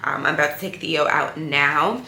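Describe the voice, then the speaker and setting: A tired woman talks casually straight to her viewers, candid and chatty. Her voice is bright and sits a little low. It is recorded in a roomy space with faint background noise. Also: moderate pace. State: sleepy and tired. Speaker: vlogger. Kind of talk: casual vlog talk to camera.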